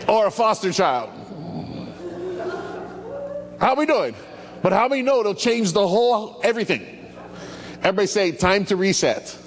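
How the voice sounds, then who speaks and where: A man preaching a sermon as pastor, animated and playful, calling out to his congregation and asking them to repeat after him. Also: sits high, a little fast, a crowd in the background. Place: church hall. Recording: echoey hall with faint hum.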